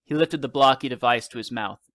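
A male teacher reading a novel aloud in measured storytelling narration. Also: mid-range voice, a bit bright, dry recording.

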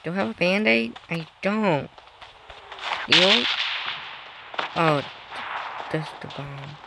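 A young male voice, slightly high and drawn-out, commenting on a mobile game with nervous, self-conscious exclamations. His speech comes slowly over a clearly noisy background. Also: animated. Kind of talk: casual gameplay commentary. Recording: noisy background during gameplay.

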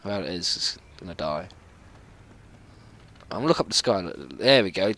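A young man talks through his gameplay in a casual, rambling way. His voice has a bright, forward edge, and he apologizes often while reacting loudly to the game. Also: fairly low pitch, animated, normal speed, dry recording. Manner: chatty, apologetic, laughs and yelps at the game. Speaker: gaming channel host.

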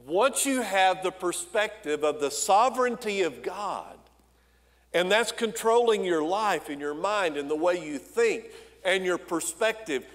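A senior pastor preaching a sermon in a folksy, conversational way, with frequent asides to the congregation. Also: male voice, high voice, a bit bright, big-room sound. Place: church sanctuary.

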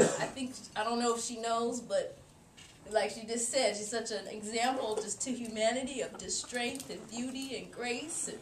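A young woman giving a rambling, emotional tribute to her grandmother at a family gathering. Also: on the high side. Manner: rambling, tearful and effusive. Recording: roomy, distant home camcorder with noise.

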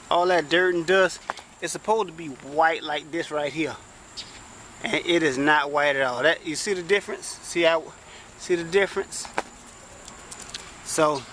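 A man's voice: a little high, bright, forceful tone, a little hiss or hum. A man doing a casual how-to car repair vlog, chatty and exclaiming often as he talks straight to viewers while working inside a parked car. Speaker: vlogger.

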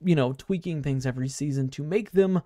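A man's voice: on the high side, brisk, warm tone, no echo, clean studio sound. A man giving casual, unscripted commentary as a gaming video creator, rambling with many fillers and restarts.

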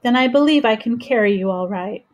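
Lady doing a brave little girl bird, high and calm, storybook read-aloud. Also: fairly quick, dull audio, close to an everyday voice. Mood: reassuring. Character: small brave female bird, calm and helpful.

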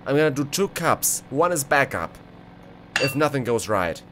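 A man giving excitable let's play commentary, exclaiming and rambling as he goes. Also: medium pitch, normal speed. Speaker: gaming video creator. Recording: clear background game noise.

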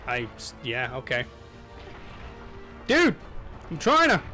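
A young man giving casual, excitable commentary over his own gameplay, yelping and laughing at the game. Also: medium pitch, takes it slowly, over music. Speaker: gaming channel host.

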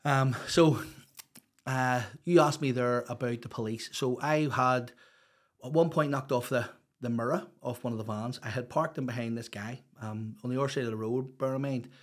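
A man's voice: medium pitch, fairly even intonation, normal speed. Chatty Northern Irish man telling stories. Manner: rambling, peppered with "you know"; open, chatty storyteller. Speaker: podcast guest. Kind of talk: casual storytelling interview.

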